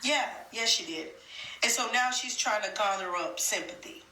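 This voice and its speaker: A woman with a bright voice chats directly to her viewers in casual reaction commentary. Her voice rings around an echoey room. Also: mid-range voice, normal speed. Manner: chatty, addresses viewers directly. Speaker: commentator reacting to a viral video.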